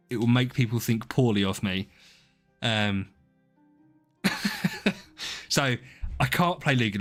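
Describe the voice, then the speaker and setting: A man in his thirties hosts a live stream, and his middle-pitched voice wanders loosely from one thought to the next. He greets chatters by name and pokes fun at himself. Faint music plays under his talk. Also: fairly bright tone. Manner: rambling, self-deprecating, talks to chat by name. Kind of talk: casual live-stream chat.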